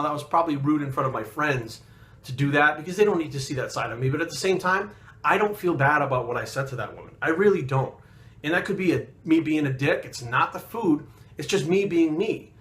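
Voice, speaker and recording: A man's voice: on the high side, a bit bright. A man telling a story in casual talk, blunt and profane, getting heated as he goes. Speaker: fitness coach and bodybuilder.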